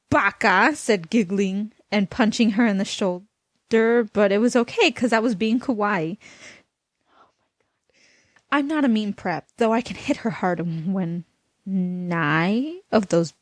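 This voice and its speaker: A woman's voice: medium pitch, animated, takes it slowly, dry recording. A woman reading a comic fan fiction aloud, mocking it and stopping to comment. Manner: mocking, breaks off to laugh and comment.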